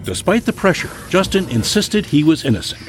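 A man narrating a true-crime news story with a dramatic, measured delivery. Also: a little high, sing-song, music in the background.

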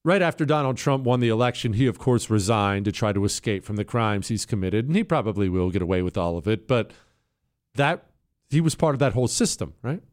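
A man's voice: fairly low pitch, lively intonation, a little fast. A man hosting a talk radio show, delivering an opinionated monologue in a combative, sarcastic way.

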